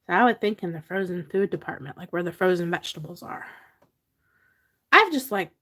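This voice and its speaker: A woman's voice: on the low side, expressive, a little fast, fairly bright tone. Woman doing a casual livestream, chatty, answers viewer comments, laughs a lot. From Pennsylvania. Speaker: livestream host.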